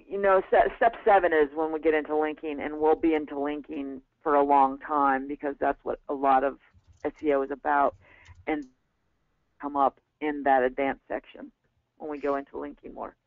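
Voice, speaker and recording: A woman with a low voice leads a live webinar in a loose, wandering style, restarting often and filling pauses. The audio is dry and thin, like a phone line.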